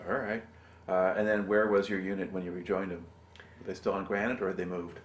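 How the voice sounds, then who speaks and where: A man conducting an oral history interview, asking patient, steady questions and giving short affirmations. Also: deep voice, fairly quick. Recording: roomy room sound.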